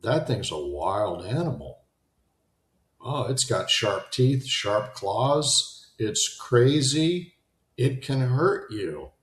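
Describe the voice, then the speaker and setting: A low-pitched man with a roomy-sounding recording gives an unscripted motivational talk as a self-help host, rambling conversationally and often restarting his sentences.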